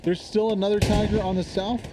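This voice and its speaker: A man giving casual live commentary on an online war game match, chatty and quick to laugh. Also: high voice, flat delivery, background noise. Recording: game gunfire and explosions behind.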